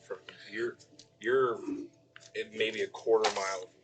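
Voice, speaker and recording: Low-ish male game master, halting narration, lots of ums. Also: steady tone, rough recording. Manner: hesitant, many ums and restarts.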